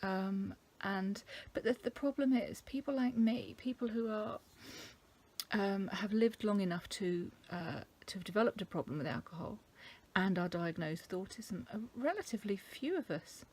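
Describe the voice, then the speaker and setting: A middle-aged woman from England talking casually to camera, thoughtful and halting, with many ums. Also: mid-range voice, darkish tone. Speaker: vlogger. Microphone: camera mic.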